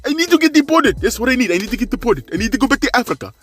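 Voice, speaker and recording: A man's voice: extremely high pitch, big pitch swings, very fast, music in the background. A man putting on an exaggerated, mocking impression of an agitated male wrestler. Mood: whiny. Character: whiny, agitated male wrestler rant, high and loud.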